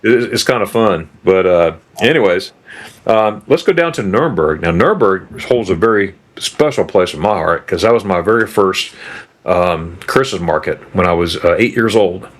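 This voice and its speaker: A middle-aged man in his fifties, from the States, chats casually as the host of a travel program. His voice sits on the lower side, and he rambles from story to story, often stumbling and restarting his sentences. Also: lively intonation, moderate pace. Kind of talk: casual chat.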